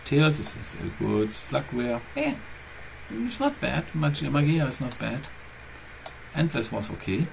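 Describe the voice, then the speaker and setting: A man's voice: mid-range voice, vocal fry, a little hiss or hum, low-quality recording. A man hosting his own channel, chatting casually and rambling as he thinks aloud, with phrasing. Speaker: channel host. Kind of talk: casual chat.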